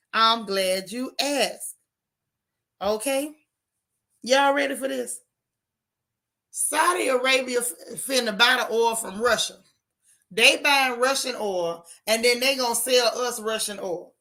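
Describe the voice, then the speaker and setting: A woman hosting a livestream from her car, giving sassy, animated commentary and reading viewer chat aloud. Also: fairly high pitch. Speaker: livestream host. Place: in a car while driving.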